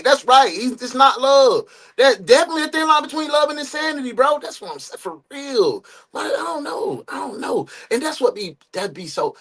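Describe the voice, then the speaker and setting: A man hosting a live-stream reaction show, joking casually and swinging into loud outbursts. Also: very high-pitched.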